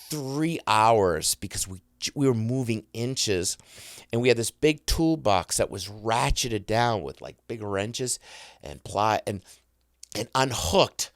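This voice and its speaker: Lively middle-aged man telling stories. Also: mid-range voice, no echo, studio quality. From United States. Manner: excitable, self-interrupting, mimics sounds. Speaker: guest. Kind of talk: animated storytelling.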